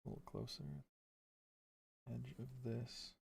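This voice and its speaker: A man's voice: medium pitch, level tone, unhurried, vocal fry, a little mellow, slight background noise. A man thinking aloud to himself as he sketches, muttering and sometimes dropping to a half-whisper. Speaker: design vlogger sketching.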